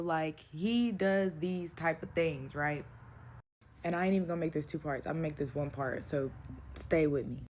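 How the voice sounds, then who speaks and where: A young adult woman telling a real-life story in a blunt, profane, animated way, acting out the dialogue. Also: lowish voice, slight background noise. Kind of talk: casual storytime vent.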